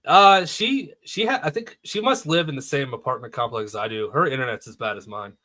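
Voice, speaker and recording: Bright-voiced man hosting a livestream. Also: medium pitch, fairly quick. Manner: chatty, self-deprecating, reads out supporter thanks. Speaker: livestream host. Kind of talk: casual chat.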